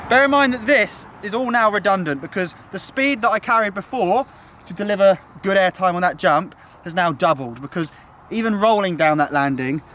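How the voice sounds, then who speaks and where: A man's voice: high-pitched, fairly bright tone, slight background noise. A young man vlogging outdoors, chatty and enthusiastic, out of breath. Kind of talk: casual vlog walkthrough. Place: outdoors at a building site.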